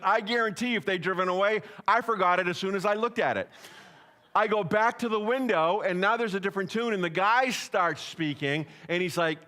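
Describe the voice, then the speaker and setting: Bright, animated male pastor preaching. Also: sits high, normal speed. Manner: storytelling preacher who acts out voices of people in anecdotes. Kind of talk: sermon. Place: church.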